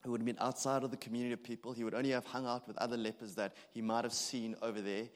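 Earnest thirty-something preacher in a reverberant hall. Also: male voice, medium pitch, flat delivery. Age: 30s. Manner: earnest, halting with frequent restarts and fillers. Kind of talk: sermon.

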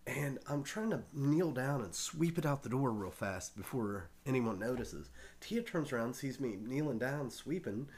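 A man's voice: mid-range voice, lively intonation, normal speed, a little mellow. Man telling a profane story. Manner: profane, laughs often while telling. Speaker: storyteller on a talk show. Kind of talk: casual anecdote telling.

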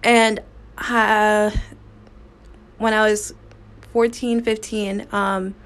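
A woman hosting her own podcast, telling a personal story in a frank, casual way, swearing freely and pausing to restart her sentences. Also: mid-range voice, flat delivery, a bit bright. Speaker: podcast host.

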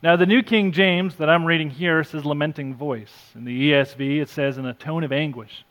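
A male pastor preaching an earnest sermon, reading scripture aloud, rising for emphasis and dropping soft. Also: a little high, steady tone, normal speed, lo-fi sound. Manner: self-deprecating asides.

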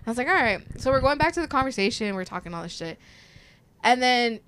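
Animated, foul-mouthed woman telling a story. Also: on the high side, fast talker, slight background noise. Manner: animated, profane, acts out quoted voices. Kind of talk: casual storytelling chat.

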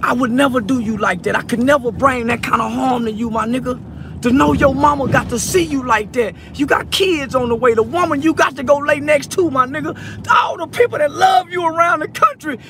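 A choked-up man talks in a strikingly high, strained voice, circling back over the same words as he lectures and consoles someone. He is recorded in a car, and traffic and street noise are plainly heard behind him. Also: brisk, a bit bright. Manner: tearful, repetitive, preachy. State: teary, choked up. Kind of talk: emotional address to a viral video subject. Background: traffic and outdoor ambience.

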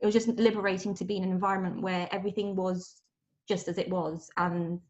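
A woman's voice: lowish voice, level tone, quick pace, darkish tone, dull audio. A woman yoga teacher from London, speaking as a podcast guest in earnest, open and reflective casual chat.

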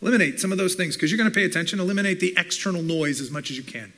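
A man delivers a sermon with the energy of a classroom lecture. His voice is bright and sits a little high. He slips into quick acted-out voices for the people he quotes. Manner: animated teaching, acts out quoted listeners. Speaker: pastor and communications professor.

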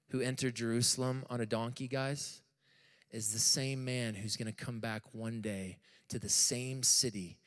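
A young adult man, a pastor, preaching an animated sermon and asking his listeners questions. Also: mid-range voice.

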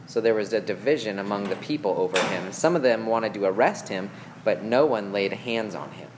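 A man's voice: fairly low pitch, moderate pace, slight background noise. A man teaching a Bible passage in a conversational way, reading verses aloud, explaining them and checking in with his listeners. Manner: reads scripture aloud, then explains it; checks in with listeners with questions and "okay?".

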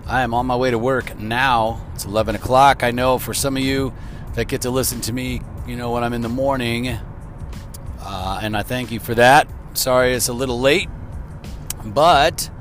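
A man's voice: medium pitch, steady tone, normal speed, fairly bright tone. Middle-aged man, casual car podcast, rambling, easy laughs, faint music behind. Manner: rambling, conversational, laughs easily. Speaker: podcast host. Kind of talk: casual chat while driving to work.

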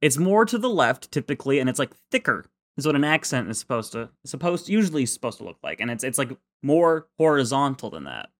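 A man co-hosting a casual podcast chat, ranting in an animated way with plenty of swearing. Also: mid-range voice, fairly quick, few pauses. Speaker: podcast co-host.

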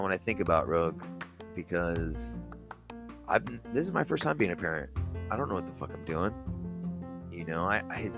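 A young man hosting a podcast, talking casually and with feeling, swearing freely and pausing often. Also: deep voice. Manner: casual, swearing, heartfelt, halting. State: choked up. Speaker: podcast host. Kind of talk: personal message monologue.

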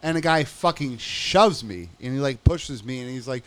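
A man's voice: mid-range voice, moderate pace. A young man in casual chat, telling a profane story and acting out the people in it. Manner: profane, animated storytelling with acted-out quotes. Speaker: guest telling stories.

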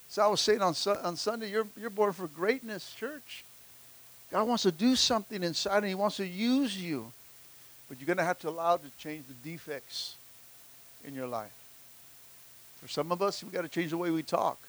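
A man's voice: high-pitched, a bit bright. A man preaching a sermon as pastor, fervent and calling out to the congregation, often repeating words as he restarts his lines. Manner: fervent preaching with call-and-response.

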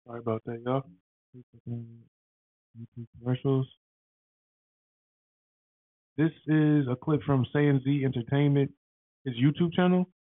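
Excitable, rambling man on a tinny line. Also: medium pitch, slow pace, long pauses, no room sound. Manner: rambling, excitable, slangy, lots of fillers. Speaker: podcast host. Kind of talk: casual podcast chat. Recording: dry, tinny phone-like sound.

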